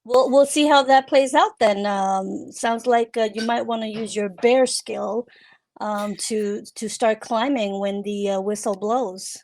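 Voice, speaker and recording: A woman narrating a tabletop game as game master, relaxed and hesitant, with many fillers. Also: on the high side, measured pace.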